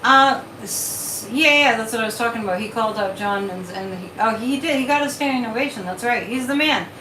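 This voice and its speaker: Brief: high, bright-voiced woman hosting a live chat stream, animated and repetitive. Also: brisk, a little hiss or hum. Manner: animated, repeats words, reads viewer comments. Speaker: psychic livestream host. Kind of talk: casual livestream chat. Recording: echoey room, mic at a distance.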